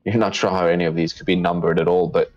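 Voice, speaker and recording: A man's voice: low voice, little pitch movement, fast. A man narrating as game master in a tabletop game, describing scenes in a casual, descriptive way with small restarts. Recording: dull lo-fi stream with faint music.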